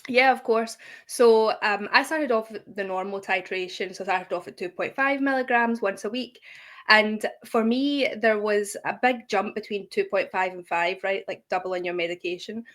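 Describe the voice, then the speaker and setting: A woman's voice: medium pitch, normal speed, fairly bright tone. A young woman, a guest creator in a casual interview, friendly and laughing often as she explains. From United Kingdom.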